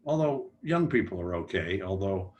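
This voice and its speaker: A man's voice: low voice, animated, moderate pace, background noise. An older man on a book festival panel, telling rambling, self-deprecating stories about his career, with restarts and quoted remarks. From United States. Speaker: panelist, humor writer. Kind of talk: relaxed anecdotal storytelling.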